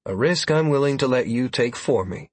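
A man voicing a grumpy, sharp-tongued young woman adventurer in an audiobook. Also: medium pitch, lively intonation, normal speed, husky, no echo, pitched above the performer's own voice. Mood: teasing. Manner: sharp, exasperated.

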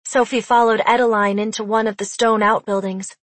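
A woman reading fantasy narration in an even, steady storytelling manner. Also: mid-range voice, a little fast, hardly any pauses, dry recording. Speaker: audiobook narrator.

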